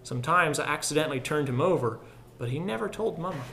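Man reading a story, measured and reflective. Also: a little high, lively intonation, gravelly. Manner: measured and reflective, dropping softer at solemn lines. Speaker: audiobook narrator.

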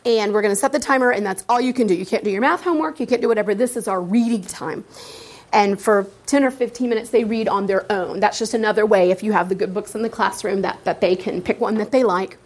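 A middle-aged woman teacher talking informally to fellow teachers, lively and acting out students' answers in little voices. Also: mid-range voice, fast. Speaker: teacher leading a workshop for teachers.

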